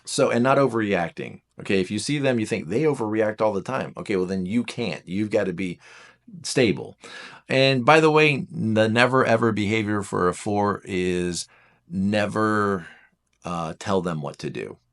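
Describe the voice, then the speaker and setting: A man giving a casual explanatory talk, animated and self-deprecating, often acting out quoted speech with big jumps in his voice. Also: fairly low pitch, normal speed. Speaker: teacher.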